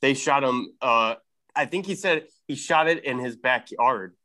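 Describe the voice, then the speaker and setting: A man's voice: medium pitch, a little slow, bright, forceful tone. Hesitant male podcast co-host. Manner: hesitant, stammering starts. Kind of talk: casual chat.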